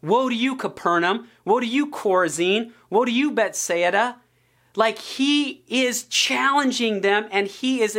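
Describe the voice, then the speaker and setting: A woman teaching the Bible on a podcast, earnest and steady, slowing down to stress key points. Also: on the high side.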